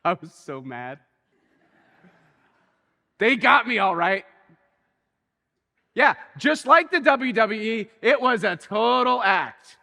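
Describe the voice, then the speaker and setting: A man preaching a sermon as a pastor, telling a story in an animated way that swings between quiet and excited. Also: high-pitched, slow, creaky, long pauses, long reverb tail. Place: church.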